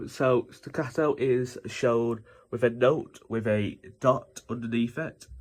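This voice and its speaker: Slow-talking young man explaining music theory. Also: medium pitch. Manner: rambling, lots of fillers and self-corrections. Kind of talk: casual informal lesson explaining notation.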